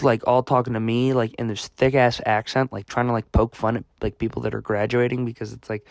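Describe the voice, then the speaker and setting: A man's voice: mid-range voice, creaky, no echo. A young man from the United States telling a rambling, self-mocking story with lots of fillers and restarts. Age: young adult. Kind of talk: casual storytelling vlog.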